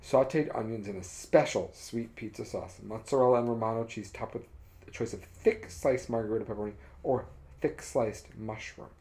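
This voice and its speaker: A man's voice: on the low side, normal speed. A man co-hosting a casual podcast, wryly reading menu descriptions aloud and teasing his co-host. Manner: wry, reads menu items aloud in a lively tone.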